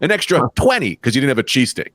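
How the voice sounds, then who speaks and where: A man telling stories on a podcast, swearing freely and ranting. His pitch leaps high and drops low as he gets worked up. The sound is dry and close, with no room echo. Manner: animated, profane, quick rants with pitch jumps. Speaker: comedian podcast co-host. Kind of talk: casual storytelling chat.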